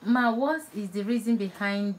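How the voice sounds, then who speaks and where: Speaking at normal speed in a medium-pitched voice, this Igbo-speaking Nigerian vlogger talks casually and warmly with her live audience. She laughs a lot, restarts phrases, and has a Nigerian accent, with slight hiss or hum present.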